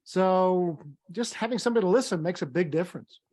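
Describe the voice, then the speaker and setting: A man's voice: sits high, fairly quick, darkish tone. A man co-leading a leadership training on a video call, encouraging and easy to laugh.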